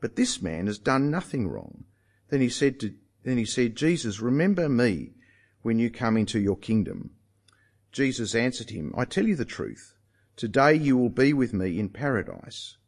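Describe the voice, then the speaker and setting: Animated male preacher. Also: medium pitch, moderate pace. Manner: animated, emphatic, rhetorical questions to the listeners. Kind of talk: sermon.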